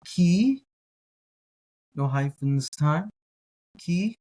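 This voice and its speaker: A man teaching a slow reading lesson in Hebrew, repeating each word several times and correcting himself as he goes. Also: fairly high pitch, animated, mellow. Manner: careful, self-correcting.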